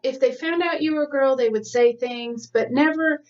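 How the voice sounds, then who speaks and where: A woman's voice: high-pitched, moderate pace, darkish tone, recorded from a distance. A chatty woman co-hosting a podcast, rambling through stories and laughing often. She sits back from the mic, and the sound is dull and lo-fi. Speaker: podcast co-host. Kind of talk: casual chat.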